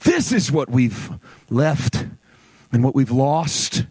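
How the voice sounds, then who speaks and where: A man preaching a sermon as pastor, swinging between loud, emphatic passages and low, slow, careful scripture reading. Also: sing-song, slightly rough. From United States.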